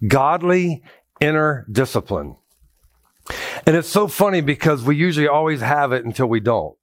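A man's voice: on the high side, normal speed, dry recording, studio quality. A man preaching a conversational sermon in a church, telling personal stories with jokes and calling out to the congregation. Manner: joking, animated storytelling with congregation call-outs. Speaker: pastor.

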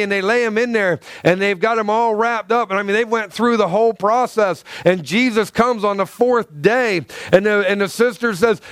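A man with a high voice preaches in a church, recorded with no echo. His sermon is impassioned and repetitive, and he acts out quoted lines, shifting between loud and soft.

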